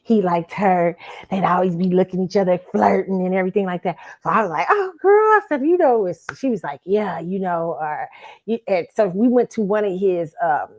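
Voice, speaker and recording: A woman's voice: fairly low pitch, a little fast, darkish tone, dull audio. A woman hosting her own talk show, giving blunt dating opinions and telling a story, with frequent swearing and restarts. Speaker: show host.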